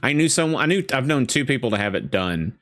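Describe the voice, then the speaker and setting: A man's voice: mid-range voice, very animated, fast, fairly bright tone. A young adult man co-hosting a casual movie-commentary podcast, rambling and jokey, laughing often. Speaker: podcast co-host.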